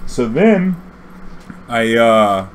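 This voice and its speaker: A young man telling a story casually, profane and animated, acting out dialogue. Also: medium pitch, extremely slow, a little hiss or hum.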